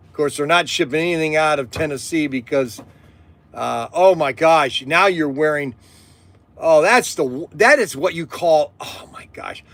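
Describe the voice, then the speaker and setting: A middle-aged man from Southern Ohio hosting a casual livestream, rambling and animated, laughing often as he talks. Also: a little high, normal speed. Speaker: livestream host.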